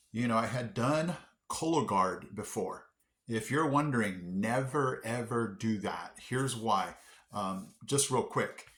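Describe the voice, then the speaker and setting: Chatty vlogger man, echoey room. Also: medium pitch. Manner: chatty and animated, addressing viewers directly. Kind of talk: casual vlog talk to viewers. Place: Tennessee.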